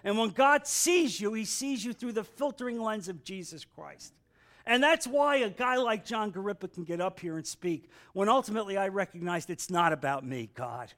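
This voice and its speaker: A man's voice: sits high, animated, normal speed, a bit bright. A man teaching a Bible class in an earnest sermon style, repeating phrases and calling for amens.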